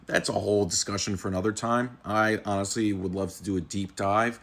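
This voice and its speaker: A man's voice: fairly low pitch, steady tone, brisk, a bit bright. A man giving a casual, wry commentary that explains a viral meme, chuckling now and then. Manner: amused, wry, chuckles at times. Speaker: internet commentator.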